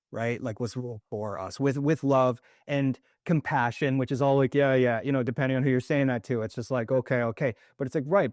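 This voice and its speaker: Guy host musing out loud, mid voice, dry close mic, keeps saying right?. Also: medium pitch, no echo. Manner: reflective, rambling with restarts and "right?". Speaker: podcast host. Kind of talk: casual conversational interview.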